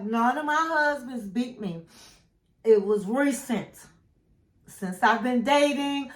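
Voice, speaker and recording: A woman's voice: on the high side, a bit bright. A middle-aged woman recapping a reality show in casual chat, telling the story with sassy asides and acted-out quotes. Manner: emphatic "okay?" and "honey" asides. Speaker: recap channel host. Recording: echoey room.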